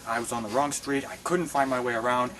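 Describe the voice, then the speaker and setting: A man talking in a lowered, self-important way in an improvised comedy sketch. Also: fairly even intonation, fast, background noise. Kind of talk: improvised comedy web series.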